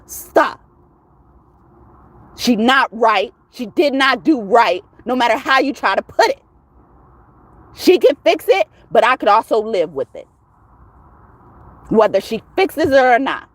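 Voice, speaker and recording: A woman's voice: a little high, animated, normal speed, no echo. Profane tarot-reading woman ranting. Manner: profane, emphatic, rising to shouts. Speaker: tarot reader. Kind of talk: heated casual rant to viewers.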